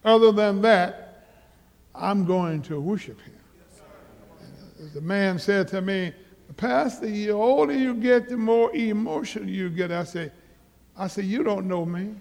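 A male pastor preaching a sermon, emphatic, repeating words and rising to loud exhortation. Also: high-pitched, a little slow, gravelly, long pauses. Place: large church auditorium. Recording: church hall with long reverb.

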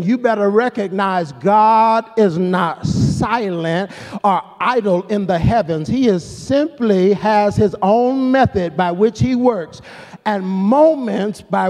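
A man's voice: sits high, big-room sound. A man preaching a sermon as pastor, in a rhythmic cadence full of repeated calls to the congregation. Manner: rhythmic preaching cadence with call-and-response phrases.

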